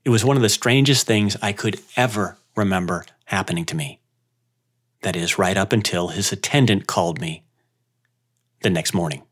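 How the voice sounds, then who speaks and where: A man who owns a yoga studio, telling a personal story in an unhurried, reflective way with dramatic pauses. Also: low voice, fairly bright tone.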